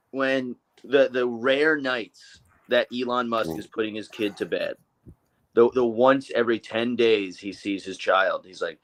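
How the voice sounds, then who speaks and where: A man talking casually on a weekly stream, his pitch sitting in an ordinary middle range. He rambles, stops, and restarts his sentences, filling the gaps with ums and likes. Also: fairly bright tone, poor audio. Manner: rambling, halting, many fillers and restarts. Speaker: co-host. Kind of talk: casual political chat.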